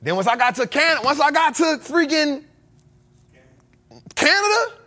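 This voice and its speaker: A man's voice: very high-pitched, sing-song, measured pace, bright, forceful tone. A man, the host of a show, telling a story in a casual, slangy way and laughing often. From United States.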